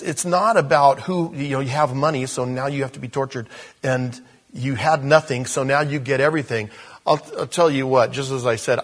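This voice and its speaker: A man preaching a sermon as pastor in a conversational style, with asides, repeated phrases and self-interruptions. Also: medium pitch.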